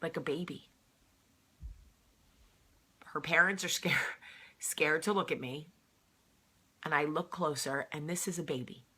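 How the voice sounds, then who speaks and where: Woman, sick, sharp bright tone, husky, heartfelt casual storytelling. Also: low-pitched, measured pace, long pauses. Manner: earnest, heartfelt retelling. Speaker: vlog host.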